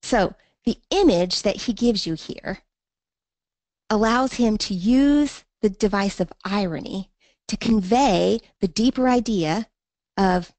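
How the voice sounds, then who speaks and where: A woman's voice: medium pitch, creaky, darkish tone, no echo. A woman teaching a poetry lesson in an online class, thinking aloud with fillers and reading verse in a rhythmic beat. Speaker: literature teacher.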